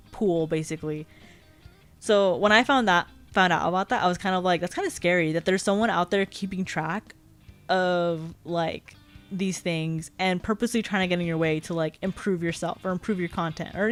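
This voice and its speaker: A young woman streaming a casual chat, rambling and giggly, often apologizing and filling with "like" and "um". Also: fairly low pitch.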